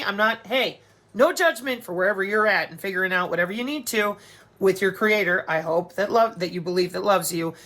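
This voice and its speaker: A middle-aged woman giving a profane, sarcastic monologue to camera, animated and blunt. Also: mid-range voice. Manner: profane, sarcastic, animated, slips into mocking voices. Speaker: vlogger.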